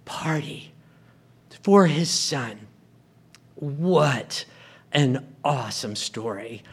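A man preaching a sermon, retelling a story and acting out the characters' lines. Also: a little high.

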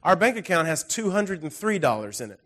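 A man preaching a sermon in a relaxed, conversational way, telling personal stories with frequent restarts. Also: high voice, a little fast. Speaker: pastor.

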